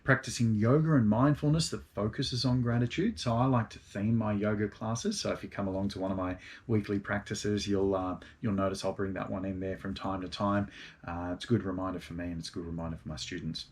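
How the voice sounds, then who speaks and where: A middle-aged man with a fairly low voice talks about gratitude the way a yoga teacher would. His delivery is relaxed and meandering, and it drifts through plenty of ums and uhs. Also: a little fast. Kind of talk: casual spoken talk on gratitude.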